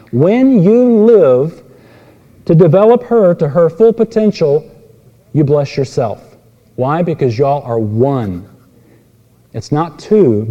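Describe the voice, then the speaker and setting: A man preaching an expository sermon, telling stories with voiced characters and moving between emphatic and quiet delivery. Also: on the high side, lo-fi sound. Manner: animated storytelling with voiced characters. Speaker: pastor. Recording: long reverb in a large hall.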